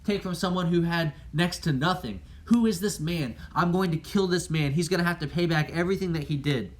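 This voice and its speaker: A furious, vengeful ancient king, as a teacher acts him out speaks a little higher than the teacher's own voice. He is loud and indignant. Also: fairly quick, lightly acted. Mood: outraged.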